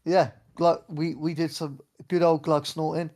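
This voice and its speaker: A man guesting on a casual podcast chat, joking in a deadpan way with shock humor. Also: a little high, unhurried.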